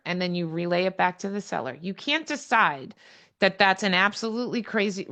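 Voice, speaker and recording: A woman leading an online real estate training on a video call, frank and plain-spoken, with quick blunt asides. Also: mid-range voice, animated, bright, forceful tone. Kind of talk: online training session talk. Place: home or office on a video call.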